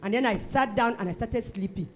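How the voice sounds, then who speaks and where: High-voiced woman testifying. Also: a little fast, faint music behind. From Cameroon. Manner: animated, bursts into loud shouted praise. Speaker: church member giving a testimony. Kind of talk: emotional church testimony. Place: church service.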